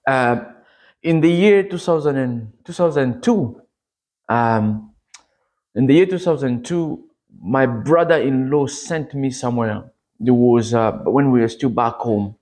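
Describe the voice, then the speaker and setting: Speaking unhurriedly in a darkish tone, a man from the Democratic Republic of Congo delivers a sermon testimony. He tells it earnestly, like a story, and his pitch rises when the drama peaks.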